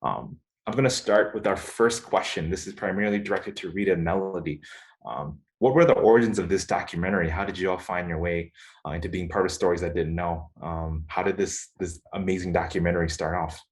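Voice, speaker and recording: A man's voice: deep voice, a little fast. A man moderating a panel, asking questions politely and with enthusiasm.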